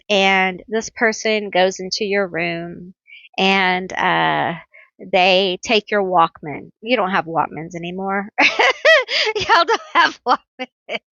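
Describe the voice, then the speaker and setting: Slow-talking woman reading tarot. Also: mid-range voice, a bit bright, no room sound, lo-fi sound. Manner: chatty, playful storytelling with teasing nicknames. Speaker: tarot card reader. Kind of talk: pick-a-card tarot reading.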